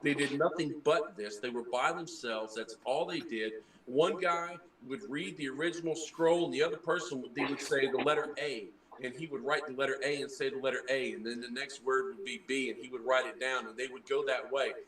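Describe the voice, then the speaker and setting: A man's voice: mid-range voice, fairly even intonation, fairly quick, hardly any pauses, fairly bright tone, echoey room, distant mic, low-quality recording. A man who trained as a preacher, earnestly explaining things in a casual group chat and often restarting his words. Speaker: former preacher.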